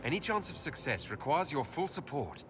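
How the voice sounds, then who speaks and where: An actor voicing an earnest, formal commander rallying allies in a video game. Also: male voice, fairly high pitch, big pitch swings, moderate pace, over music.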